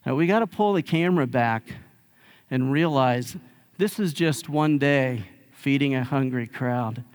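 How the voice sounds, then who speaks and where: A male pastor preaching a sermon in a conversational, animated storytelling way, acting out sarcastic asides. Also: mid-range voice, unhurried, smooth.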